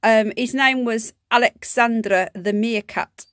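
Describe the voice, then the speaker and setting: A woman's voice: fairly high pitch, measured pace, a bit bright, dry recording, clean studio sound. A woman from the UK giving a casual, incredulous commentary to her viewers as a vlogger. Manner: incredulous, exasperated ranting.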